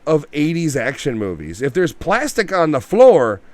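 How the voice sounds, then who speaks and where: Over a loud crowd, a podcast co-host with a slightly high voice talks at normal speed on a casual movie review show. He's lively and profane, acting out scenes as he quotes them.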